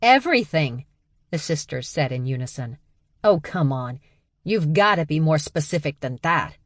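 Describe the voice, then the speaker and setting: A woman's voice: low-pitched, normal speed, no echo. Casting: nosy, prodding woman woman reading, dry close sound. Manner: curious, prodding. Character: nosy, curious bear-shifter woman.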